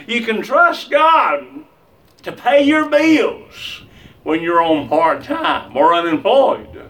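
A man's voice: high voice, sing-song, slow pace, a bit bright, far from the mic. A man preaching a sermon with an emphatic, repetitive cadence.

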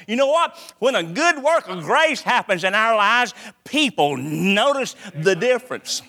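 Preacher guy, bright sharp voice, slow dramatic sermon. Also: extremely high pitch, very animated. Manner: dramatic, swings from loud to hushed.

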